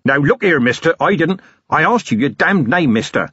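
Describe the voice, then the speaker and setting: A belligerent young village blacksmith with rough country grammar, as a man reading the story plays him. He sounds slightly husky and keeps a defiant edge. The recording is dull and dry. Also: a little high, sing-song, moderate pace, sharp tone, no echo, voice pushed up, exaggerated voice.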